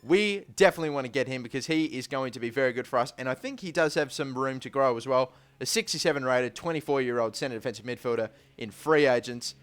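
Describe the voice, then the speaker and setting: A young man giving casual, rambling let's-play commentary on a football video game, getting excited during the action. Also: mid-range voice, quick pace, hardly any pauses, smooth. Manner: rambling, repeats "but still" and "to be completely honest"; gets excited calling match action. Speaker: gaming YouTuber.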